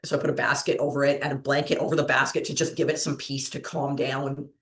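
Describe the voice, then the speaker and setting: A woman's voice: a bass voice, flat delivery, fast talker. A woman hosting a trivia show, chatting casually and telling rambling stories with frequent laughter. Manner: rambling, giggly storyteller. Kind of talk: casual chat and storytelling. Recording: roomy echo.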